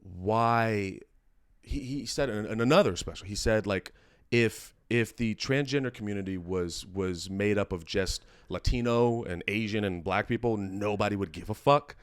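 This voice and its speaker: A man with a lowish, smooth voice hosts a podcast, captured with studio quality and no echo. The conversation is casual and emotionally reflective, and he speaks earnestly but haltingly, often starting his sentences over.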